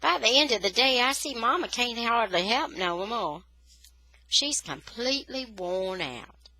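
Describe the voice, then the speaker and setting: Expressive woman reading a novel aloud. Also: a little high, measured pace, no room sound, rough recording. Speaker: storyteller reading a children's novel. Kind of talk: expressive read-aloud narration.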